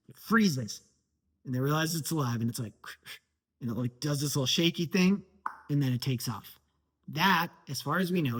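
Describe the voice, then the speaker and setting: A man's voice: mid-range voice, breathy edge. A man giving an earnest motivational talk as a life coach, stressing points by repetition.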